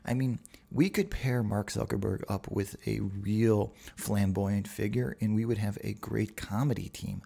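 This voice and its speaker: A man's voice: on the low side, fairly even intonation, a little slow, vocal fry, few pauses, mellow, husky. A man hosting a solo podcast, talking casually and rambling with profane asides. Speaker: podcast host.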